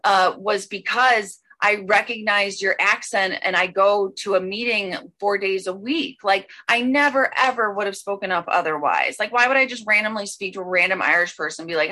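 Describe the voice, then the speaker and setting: A woman telling a personal recovery story at an online meeting, rambling with many fillers and bursts of excited speed. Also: mid-range voice, moderate pace, few pauses. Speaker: speaker sharing a recovery story.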